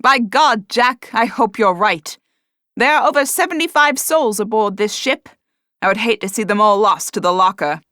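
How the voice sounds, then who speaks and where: A woman's voice: fairly high pitch, very animated, slow, hardly any pauses, bright, forceful tone, dry recording, clean studio sound, pitched above the performer's own voice, full character voice. A woman voicing a frightened male first mate on a ship, who pleads anxiously with his captain in an audiobook. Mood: pleading. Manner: pleading, worried.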